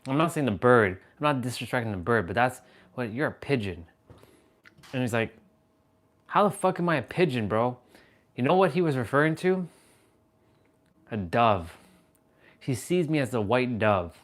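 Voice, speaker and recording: A man hosting a livestream, talking casually and telling an animated story, swearing freely. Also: medium pitch, normal speed, long pauses. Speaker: livestream host.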